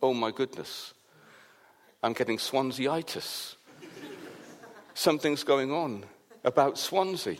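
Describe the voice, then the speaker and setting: Taking things slowly with long pauses, a pastor from Wales preaches in a mid-range voice. Animated as he tells a personal story, he performs the quoted voices of others.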